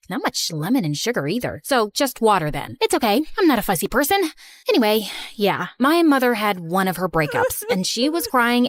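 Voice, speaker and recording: A woman narrating an animated first-person story in a chatty, sarcastic way. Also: a little high, no echo.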